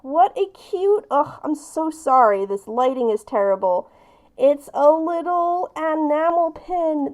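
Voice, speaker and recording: A woman live-streaming as she opens gifts, chatting casually and gushing with delight. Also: extremely high pitch. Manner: bubbly and gushing, often breaking into squeals and laughs.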